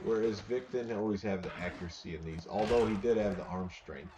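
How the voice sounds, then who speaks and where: A man's voice: on the low side, brisk, muffled recording, a crowd in the background. A man live-streaming a football video game, chatting casually with viewers and rambling through repeated words.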